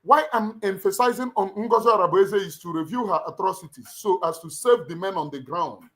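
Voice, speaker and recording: A middle-aged man with a Nigerian accent, hosting a livestream, speaks a little fast in an animated voice that's somewhat high for a man and fairly bright. He addresses viewers in a fervent, sermon-like way, emphatically repeating phrases like a preacher and pressing each point home.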